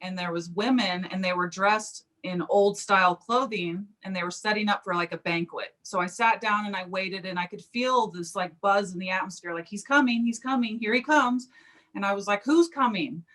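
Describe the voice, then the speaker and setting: A woman's voice: medium pitch, moderate pace, few pauses. A woman, a psychic medium, telling a personal story in an interview and acting out the quoted speech. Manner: animated, acts out quoted speech.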